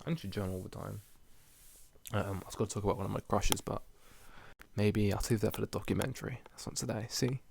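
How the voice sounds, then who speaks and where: A man's voice: on the low side, gravelly, darkish tone, a little hiss or hum. A young man hosting a solo podcast, rambling casually with lots of fillers, slang and jokes. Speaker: podcast host.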